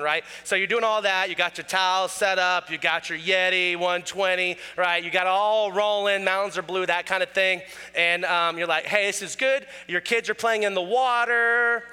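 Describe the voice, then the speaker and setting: A man preaching a sermon, telling everyday stories in an animated way and acting out the voices of ordinary people. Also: sits high, a little fast, clear, resonant tone. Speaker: pastor. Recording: roomy hall with long reverb.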